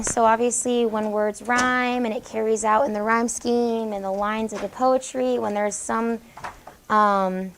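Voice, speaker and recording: Brisk woman teacher with a gravelly edge. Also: on the high side, a little hiss or hum, low-quality recording. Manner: brisk, encouraging, questioning students. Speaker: high school English teacher. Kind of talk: classroom lesson. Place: classroom.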